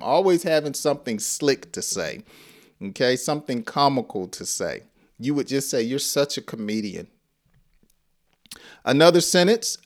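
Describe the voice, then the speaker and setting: Male English teacher, lively and expressive, slow deliberate delivery, acts out sample lines. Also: mid-range voice. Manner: animated, laughs often, acts out example phrases. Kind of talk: conversational English lesson.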